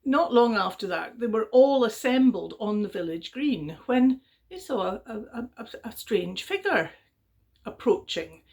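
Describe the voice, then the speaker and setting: A middle-aged woman telling a traditional story to young children in a gentle, chatty way, with fillers and little voiced exclamations. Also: fairly high pitch, very animated, unhurried.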